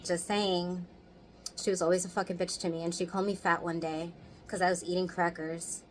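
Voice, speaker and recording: A woman in her thirties chats to camera in a lowish voice, loose and candid, with curse words slipping in freely. A faint hum of room sound sits behind her. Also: flat delivery, a little fast, rough recording. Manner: candid, chatty, swears freely, laughs often. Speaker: vlogger. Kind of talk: casual storytime chat.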